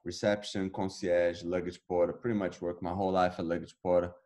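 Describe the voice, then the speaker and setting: A man with a lowish voice tells his story in a relaxed, chatty way. He acts out old conversations, his voice jumping up as he plays himself and others. It sounds like a casual podcast guest in his thirties. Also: fairly quick. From Brazil. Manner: animated, acts out his own past dialogue. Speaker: interview guest, jiu-jitsu black belt.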